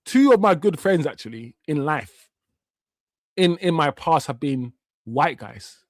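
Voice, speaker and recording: Man, 50s, from Jamaica, stream host, heated slangy rant, swears, slightly high voice, dry close sound. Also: expressive, a little slow, dry recording. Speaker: watch-along stream host. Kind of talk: casual live-stream rant.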